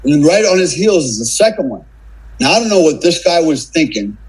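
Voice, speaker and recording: Speaking fairly quickly in a sing-song, fairly high voice with a darkish, breathy edge, this middle-aged US podcast guest swears his way through a casual story, constantly adding "man" and "right?". The audio quality is poor.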